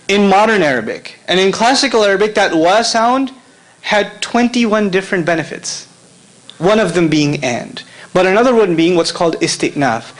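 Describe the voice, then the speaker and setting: A middle-aged man giving a lively lecture to a live audience, often asking the crowd questions and laughing as he talks. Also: high voice, poor audio. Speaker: Islamic lecturer.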